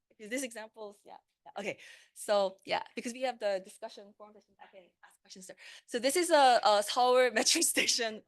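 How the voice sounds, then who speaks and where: Woman, language teacher giving a conference talk, slightly high voice, chatty with lots of ums and restarts. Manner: conversational, with fillers and self-corrections. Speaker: Korean language instructor. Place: conference room.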